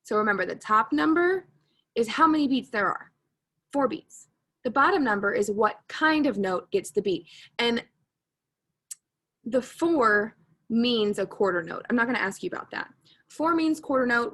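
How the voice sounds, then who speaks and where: A woman's voice: medium pitch, fairly bright tone. Cheerful woman teaching a music lesson. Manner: patient, repeats key points, self-correcting with humor. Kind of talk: recorded online music lesson.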